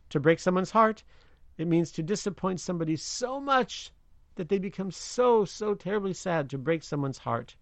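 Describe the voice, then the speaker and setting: A man who is a slang expert guest on a radio show, explaining idioms in an animated, chatty way, often chuckling. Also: high voice, dry recording. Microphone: remote line from another city.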